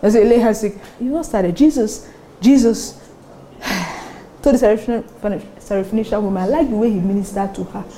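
A Nigerian woman pastor preaching a sermon, animated and often laughing between her points. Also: medium pitch, normal speed, a little hiss or hum. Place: church service with congregation responding.

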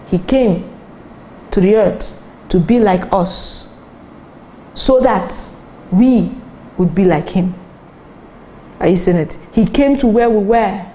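Woman preacher, mellow and warm, teaching scripture with animated, pitch-jumping emphasis. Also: a little hiss or hum, rough recording. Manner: animated, rising sharply in pitch for emphasis, asks listeners if they follow. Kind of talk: sermon teaching from the Bible.

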